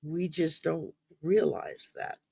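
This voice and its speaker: A man with a fairly high, gravelly voice talks through a topic in a loose, rambling way, full of ums and restarts, and sounds sleepy. The recording is close and dry. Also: takes it slowly, warm tone, no room sound. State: sleepy, yawning. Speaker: podcast host. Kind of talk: casual mental wellness discussion.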